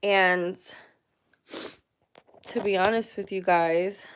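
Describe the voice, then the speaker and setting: A woman's voice: mid-range voice, slow pace, creaky, a little mellow, clean tone. A woman in her thirties talking candidly to her viewers in a personal vlog, emotional and chatty with many fillers. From United States. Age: 30s. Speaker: vlogger. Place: at home.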